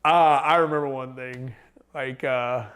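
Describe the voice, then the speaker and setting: A man's voice: medium pitch, steady tone, a little slow, fairly bright tone, clear, resonant tone. A man, a podcast guest, talking casually and rambling with lots of fillers and restarts. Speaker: podcast guest, thru-hiker. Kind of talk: casual storytelling chat.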